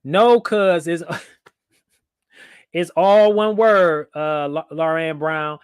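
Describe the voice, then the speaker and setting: A man's voice: on the high side, moderate pace, no room sound, studio quality. Playful man hosting a livestream. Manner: playful, reads viewer comments aloud, laughs often. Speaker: livestream host. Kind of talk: casual livestream chat.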